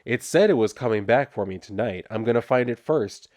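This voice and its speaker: A man's voice: mid-range voice, animated, fairly quick, a little mellow, dry recording, clean studio sound, close to an everyday voice. A man reading the inner monologue of a sardonic cyborg frog hero, in a wry, musing manner.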